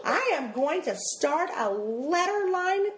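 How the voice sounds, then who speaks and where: A woman putting on a shrill furious little mother. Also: very animated, very fast, dark tone. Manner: shrill, indignant, breaks into sing-song. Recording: echoey room.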